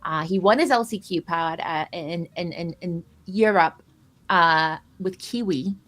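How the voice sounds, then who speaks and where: A woman's voice: on the low side, unhurried, a bit bright. A woman casting a live card game, joking and rambling through player introductions. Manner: playful, jokey, rambling. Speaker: caster.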